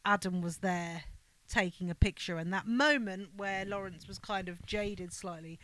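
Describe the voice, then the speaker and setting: A woman's voice: medium pitch, moderate pace, a bit bright, a little hiss or hum, low-quality recording. A woman co-hosting a podcast, casually recapping a film, agreeing often and filling in plot details. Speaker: podcast co-host.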